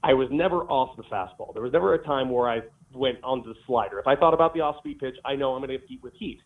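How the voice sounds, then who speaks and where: A man's voice: mid-range voice, fast. A former ballplayer, a man, telling stories in an interview from a golf course and acting out the quotes. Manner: animated storyteller, acts out quotes. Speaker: former baseball player guest. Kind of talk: casual interview storytelling. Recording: tinny phone line.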